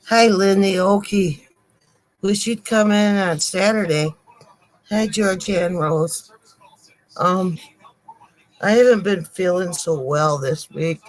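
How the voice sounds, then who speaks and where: An older woman co-hosting a live stream, apologizing to viewers in halting speech with many pauses and repeated words. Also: on the low side, low-quality recording.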